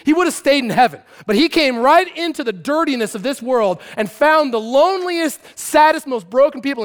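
A man preaching a lively, conversational sermon and acting out characters with shouts and asides. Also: very high voice, brisk, few pauses. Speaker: pastor. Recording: long hall reverb.

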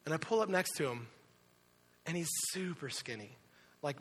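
A man preaching a sermon, telling a personal story with lively asides and quick impressions of the people in it. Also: fairly high pitch, slightly rough. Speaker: pastor. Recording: reverberant hall.

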